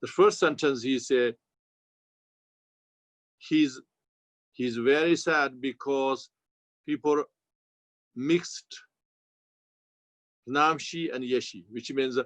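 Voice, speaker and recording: A man with a Tibetan accent, a Buddhist teacher giving a slow, halting dharma commentary in non-native English. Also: medium pitch, fairly bright tone, no echo. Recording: dull, lo-fi sound.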